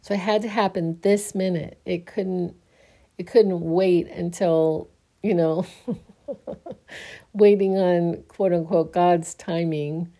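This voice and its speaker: Slow, sleepy woman musing softly. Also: on the low side, fairly even intonation. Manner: slow, halting, restarts often, soft laughs. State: sleepy, yawning. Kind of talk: casual spiritual musing.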